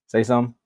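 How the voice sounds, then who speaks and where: A man co-hosting a sports talk show in casual, animated, slangy chat over a video call. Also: slight background noise. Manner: animated, slangy, acts out quotes.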